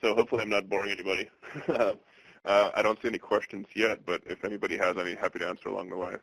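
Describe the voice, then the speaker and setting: A man in his thirties from the Boston area presenting a webinar, speaking in a monotone with many fillers and restarts. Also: deep voice, racing, creaky, husky, dry recording, low-quality recording. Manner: monotone delivery.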